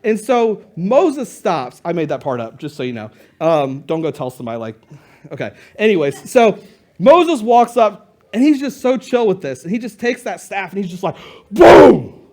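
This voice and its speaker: A man's voice: high-pitched, very animated, normal speed, a little mellow. A male pastor preaching a sermon to his church in a casual, conversational way, retelling stories with playful asides.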